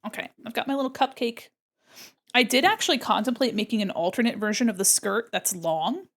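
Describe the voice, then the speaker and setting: A woman's voice: a little high, fairly quick. A woman from the United States chatting casually while she draws on stream, joking around and slipping into silly voices.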